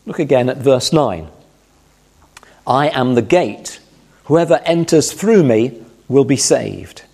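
A man preaching a Bible-teaching sermon in a calm, explanatory way, stressing key phrases. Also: medium pitch, slow, gravelly, slightly rough.

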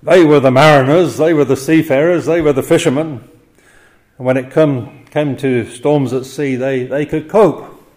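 A man's voice: on the high side, steady tone, moderate pace. Chuckling older male preacher. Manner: warm chuckling asides, dramatic quoted cries. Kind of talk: expository sermon.

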